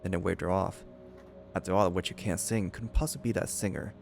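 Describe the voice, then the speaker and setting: A man hosting a let's play, reading the game's narration aloud in an even storytelling way. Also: deep voice, quick pace, vocal fry, soft background music.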